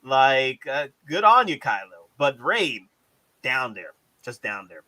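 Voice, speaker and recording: A man hosting a casual collectibles chat, animated, repeating himself and swearing casually. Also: medium pitch, slow pace, low-quality recording. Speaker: host.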